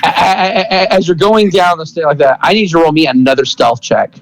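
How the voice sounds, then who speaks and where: A man's voice: on the high side, a little fast, low-quality recording. Rambling young man running a tabletop game. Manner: rambling, many fillers and restarts. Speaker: game master.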